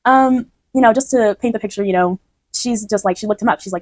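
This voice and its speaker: A woman's voice: medium pitch, steady tone, quick pace, darkish tone, dry recording, poor audio. A woman explaining her own poem in a chatty way, often restarting and checking that the listener follows. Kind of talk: casual spoken explanation.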